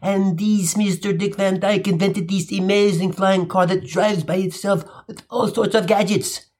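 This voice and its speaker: A man's voice: sits high, fairly even intonation, a little slow, darkish tone. A man telling a comic personal story in an irreverent, profane style, with wry asides.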